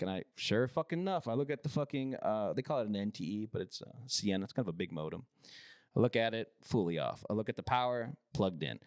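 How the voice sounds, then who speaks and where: Animated, foul-mouthed man telling a work story. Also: medium pitch, dry recording, studio quality. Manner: profane, animated, acts out other people's lines. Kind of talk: casual storytelling.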